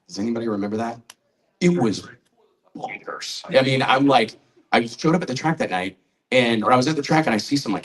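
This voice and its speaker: Speaking in a mid-range voice, a male magazine publisher in his forties introduces honorees at a press conference held in a trade show's event hall, narrating a conversational story full of quoted remarks. He is far from the mic, and the recording quality is low.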